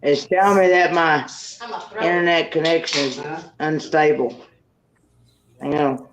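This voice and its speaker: A man's voice: on the high side, unhurried, crowd noise. A man on a group video call, flustered and repeating himself. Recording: dull, roomy video call audio.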